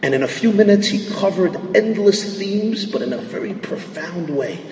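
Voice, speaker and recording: A high-pitched man lectures, weaving Hebrew and Yiddish terms through his talk and swinging from near-murmurs to shouted emphasis. He is picked up from far off in a large, echoing hall with a faint hiss underneath. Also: lively intonation, normal speed. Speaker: rabbi lecturing on Jewish thought. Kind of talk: lecture to an audience.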